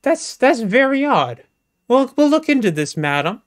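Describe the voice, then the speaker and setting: A live comedian voicing a police dispatcher who stammers and rushes through the news. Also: sits high, very animated, voice pushed up. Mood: excited. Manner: stammering, hurried.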